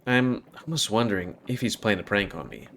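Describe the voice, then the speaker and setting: A man reading a visual novel aloud with an expressive delivery and hesitant, stumbling asides. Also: lowish voice, a little fast, a little hiss or hum.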